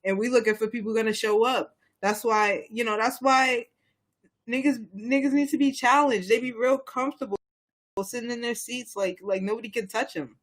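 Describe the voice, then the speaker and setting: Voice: medium pitch, steady tone, moderate pace, fairly bright tone. A young adult podcast co-host from Boston, talking politics in a rambling, heated way with many restarts. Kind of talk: casual chat on local politics.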